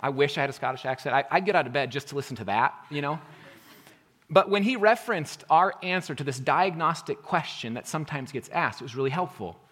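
A male pastor preaching a sermon earnestly, rising to emphatic points and then dropping to a quiet intensity. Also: a little high, expressive, fairly quick.

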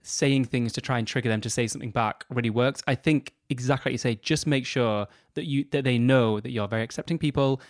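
A young man co-hosting a podcast in casual chat, measured and reassuring with a gently teasing edge. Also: medium pitch, no room sound, studio quality. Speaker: podcast co-host.

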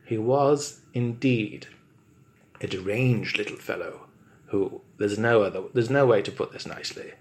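Slow, mock-pompous male storyteller. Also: on the low side. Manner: mock-pompous, wordy narration. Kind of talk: improvised comic storytelling.

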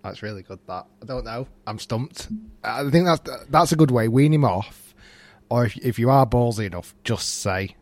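A man's voice: medium pitch, expressive, moderate pace, no echo. A man hosting a golf podcast, chatty and easily flustered, laughing often. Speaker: podcast host. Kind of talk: casual podcast chat.

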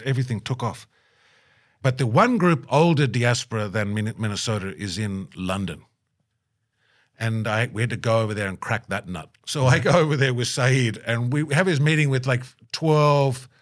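A middle-aged man in an interview, telling stories with lively energy and acting out the people he quotes. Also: medium pitch. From Australia. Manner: animated, puts on voices when quoting people. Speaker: guest. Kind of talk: storytelling interview.

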